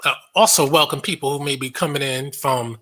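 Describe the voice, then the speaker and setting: A man's voice: mid-range voice, brisk, fairly bright tone. A man hosting a casual commentary monologue, blunt and sarcastic, swearing freely and laughing often. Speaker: online show host.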